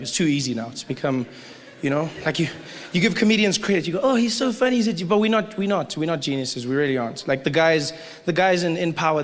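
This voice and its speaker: A man with a South African accent doing stand-up comedy on a live stage, animated and slipping into acted-out voices of other people. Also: fairly high pitch, long reverb tail. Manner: animated, loud character voices, acted-out quotes. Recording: live room noise.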